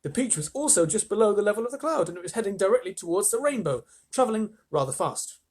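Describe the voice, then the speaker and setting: A man reading a children's storybook aloud to live listeners, animated, with chatty asides. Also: sits high, quick pace, slightly rough.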